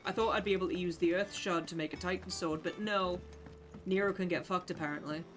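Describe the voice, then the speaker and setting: A casual streamer talking through a game session at a middle pitch, chatty and loose with swear words. Soft game music plays faintly behind the voice. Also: fairly even intonation, a little fast. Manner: chatty, sweary, reads game text aloud. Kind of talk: casual live gameplay chat.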